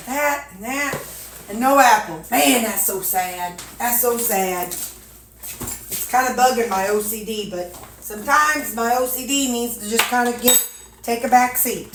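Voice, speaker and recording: With a fairly high, unhurried voice, an older Missouri woman who runs a weight-loss vlog chats folksily to viewers while packing meals at home. She's chatty, talks to herself, and drops drawling asides. Background noise and clattering dishes fill the echoey kitchen.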